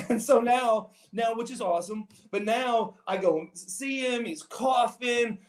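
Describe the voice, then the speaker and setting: A man telling long rambling stories in casual podcast banter, breaking into loud laughs. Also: very high voice, measured pace, reverberant. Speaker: podcast guest.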